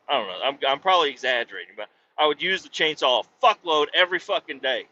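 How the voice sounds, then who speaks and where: A man hosting a podcast, telling a profane, animated story and acting out voices with sudden loud yelps. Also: on the high side, fast talker, dull audio. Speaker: podcast host. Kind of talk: casual storytelling monologue.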